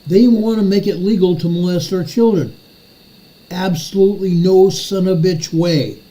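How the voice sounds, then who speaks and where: A man's voice: high-pitched, normal speed, dark tone, low-quality recording. An older man hosting a commentary show, ranting furiously and repeating his phrases for emphasis. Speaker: show host.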